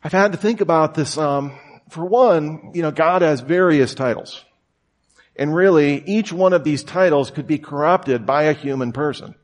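A man's voice: a little high, moderate pace. A man in his thirties giving a conversational sermon, telling stories in a casual way and acting out the voices he quotes. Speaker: preacher.

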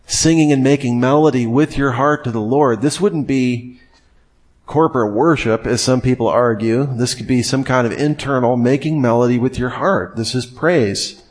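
A man's voice: mid-range voice, normal speed. A young man preaching a casual, conversational sermon, often acting out imagined inner voices and asking the listeners questions.

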